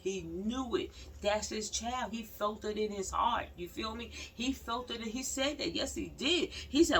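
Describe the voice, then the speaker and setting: A woman's voice: fairly high pitch, unhurried, vocal fry, hardly any pauses. A woman giving casual commentary to her viewers, emphatic and repeating her points as she talks straight to the audience. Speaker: vlogger commenting on news. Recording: slightly distant mic with faint background noise.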